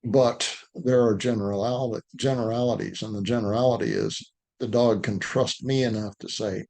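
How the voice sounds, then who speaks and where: A man's voice: mid-range voice, normal speed. A man answering questions in a live online dog training session, talking loosely and acting out what he says to the dog, over a video call. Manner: relaxed, conversational, acts out what to say to the dog.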